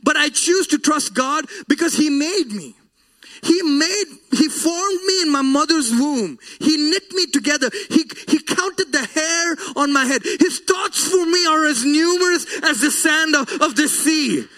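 A man with a strikingly high voice delivers a sermon. He is earnest and emotional, and his voice often breaks with feeling as he weaves a personal story into the message. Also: animated, measured pace, bright, forceful tone. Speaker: preacher.

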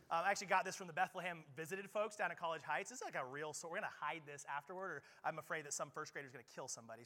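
A male pastor preaching a lively sermon at a church service, playful and joking with frequent quick restarts. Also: on the high side. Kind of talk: lively sermon with audience play.

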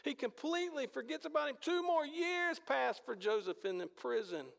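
A male pastor with a high, gravelly voice tells a story in animated fashion, leaning on rhetorical questions. His words ring out with a long reverb from a large church hall. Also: normal speed. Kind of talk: sermon.

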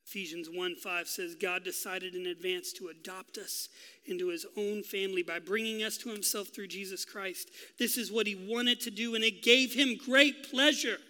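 A male pastor preaching a sermon, telling a story with drama and dropping to a hush for key lines. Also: high-pitched, fairly even intonation, moderate pace, in a large hall. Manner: dramatic storytelling, swinging from loud to hushed.

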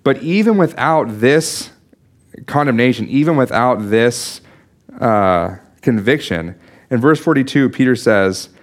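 Man preaching an earnest Bible sermon. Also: mid-range voice. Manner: earnest, teaching, with restarts and asides. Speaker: pastor.

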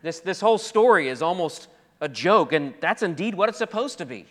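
A man preaching an expository sermon as pastor, emphatic, swinging between loud declarations and quiet asides. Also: sits high, expressive, a little fast. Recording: long hall reverb.

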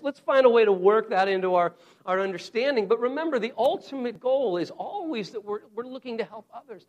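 Delivering a sermon, a preacher whose voice is strikingly high speaks to his congregation earnestly, as though chatting with them directly. To underline his main points, he says key phrases again, slowly.

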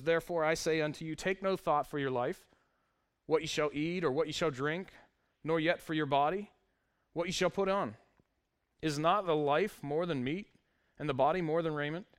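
A man's voice: fairly high pitch, clear, resonant tone. A male pastor preaching a sermon, reading scripture aloud with wry, conversational asides to the congregation.

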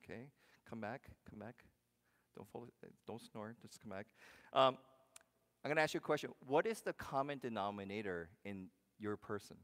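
A man's voice: on the low side, expressive, moderate pace. Man preaching in a reverberant hall. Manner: conversational preaching, asks the congregation questions, swings from loud to hushed. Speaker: pastor. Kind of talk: sermon.

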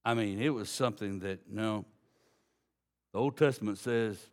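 A man preaching a sermon, folksy and direct with the congregation, swinging from low, quiet passages to loud emphasis. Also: moderate pace. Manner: folksy, addresses congregation as y'all. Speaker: pastor.

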